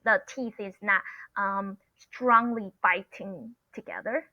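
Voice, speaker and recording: A woman's voice: medium pitch, slow pace, no echo. A woman teaching pronunciation online, explaining patiently and repeating sounds for learners to copy, saying "okay" often. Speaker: Mandarin teacher. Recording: dull lo-fi sound.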